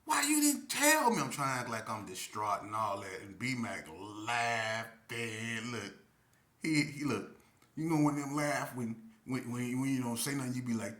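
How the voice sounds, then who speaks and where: An animated man tells a story in casual, slangy talk, jumping into other people's voices as he goes. His tone is bright and forceful, and there is a roomy echo around him. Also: medium pitch, measured pace. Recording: echoey room.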